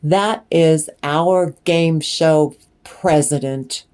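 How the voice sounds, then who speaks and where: A woman's voice: deep voice, extremely slow, darkish tone. A woman giving a channeled tarot reading in a blunt, emphatic way, with swearing. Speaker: tarot reader.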